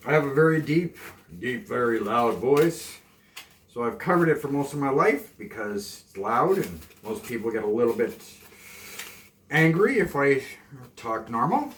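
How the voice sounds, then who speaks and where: A man from Canada, chatting calmly and softly to the camera while cooking in his home kitchen, rambling off into asides. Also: medium pitch, a little hiss or hum. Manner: deliberately soft and calm, rambling asides. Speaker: cooking vlogger. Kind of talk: casual cooking chat to camera. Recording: echoey kitchen, mic from far off.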